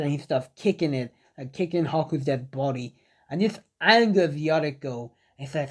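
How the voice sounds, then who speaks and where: A man casually narrating a fan-made story. He rambles, leans on fillers, and talks straight to his viewers. His voice sits somewhat high for a man. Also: expressive, moderate pace.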